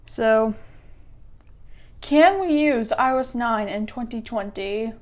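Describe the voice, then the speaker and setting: A woman's voice: a little high, slow pace. A woman giving a casual tech walkthrough as a YouTuber, rambling and often restarting her sentences as she corrects herself.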